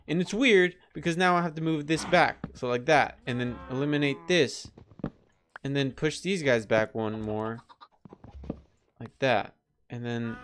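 A man talking through his own survival gameplay in a middle-pitched, casual voice. He rambles at an easy pace, then panics into sudden high-pitched yelps. A faint hiss sits under the recording. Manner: chatty, excitable, breaks into high-pitched yelps. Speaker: gameplay let's player.

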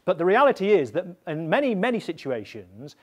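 A man, an evaluation expert, explaining methods to practitioners in a deliberate, emphatic way, often checking in with his listeners. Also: sits high, sing-song. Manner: emphatic, repeats points and checks in with "yeah?".

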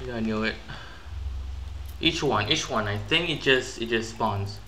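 A man giving live gameplay commentary, excitable and easily frustrated, with sudden yelps and outbursts. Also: medium pitch, a little slow, long pauses. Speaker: gaming YouTuber.

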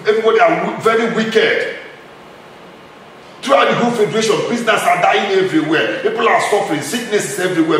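A man's voice: high-pitched, fairly bright tone. A man with a Nigerian accent, a charity founder interviewing a couple at his home, speaking in a fervent, preacher-like way with repeated emphatic lines. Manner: fervent, repetitive, rising to emphatic outbursts. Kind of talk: impassioned preacher-like address. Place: his own house. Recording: very echoey room, mic far off, faint noise.

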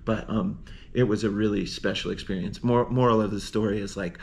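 A man, a snowboarder, telling a personal story in an earnest, rambling way, full of "like" and restarts, and ending with warm encouragement. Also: on the low side, fairly even intonation, fairly quick, gravelly, a little hiss or hum. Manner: heartfelt, encouraging. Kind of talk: casual storytelling monologue.

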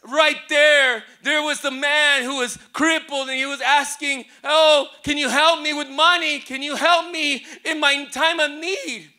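Middle-aged Southern Californian male pastor, sharp high voice, preaching with rising shouted emphasis. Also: fairly even intonation, measured pace, hardly any pauses. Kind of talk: sermon. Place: church sanctuary.

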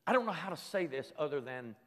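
An older man preaching a sermon at a camp meeting, moving emotionally between quiet reflection and loud, fervent exhortation. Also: on the high side, very animated, fast. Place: large hall at a church camp meeting. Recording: reverberant hall.

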